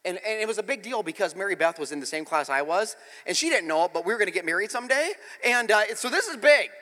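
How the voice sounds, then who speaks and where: A man preaching a sermon as pastor, telling a story with animated swings from hushed to loud. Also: high voice, quick pace, in a large hall.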